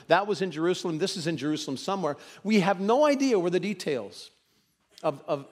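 A man preaching a sermon, moving between loud emphasis and hushed, dramatic quotes. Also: on the high side, big-room sound.

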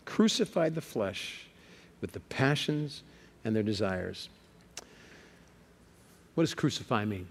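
A man preaching a sermon, lively and conversational, stammering on words and putting questions to the congregation. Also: medium pitch. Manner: lively, repeats words when stuck, asks the crowd questions.

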